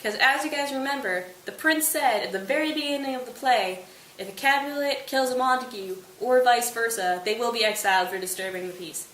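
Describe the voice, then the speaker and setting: A woman's voice: a little high, a bit bright, recorded from a distance. Young woman retelling a play, echoey room. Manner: breezy, slangy retelling with quick quoted asides. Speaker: student presenter. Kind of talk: casual study summary of a play. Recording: echoey room, off-mic, faint hiss.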